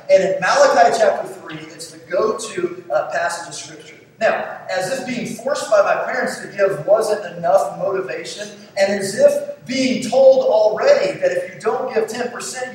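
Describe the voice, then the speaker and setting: A man preaches a sermon in a lively, conversational way, often throwing questions to the congregation. His voice sits fairly high. It echoes heavily through a large church and sounds distant from the mic, with faint noise behind it. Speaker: pastor. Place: church sanctuary.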